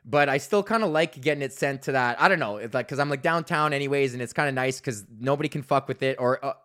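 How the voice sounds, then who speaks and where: A man's voice: mid-range voice, quick pace, a bit bright. A man, hosting a podcast in a rambling, profane casual rant full of mockery. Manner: swears constantly, rambling and mocking. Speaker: podcast host.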